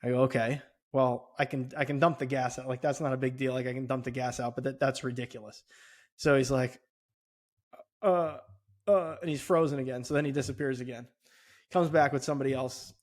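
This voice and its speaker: A man's voice: medium pitch, brisk. A middle-aged man co-hosting a podcast, telling a story casually with lots of swearing, his voice climbing sharply when he gets indignant. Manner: animated, swears often, voice rises when indignant. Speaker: podcast co-host.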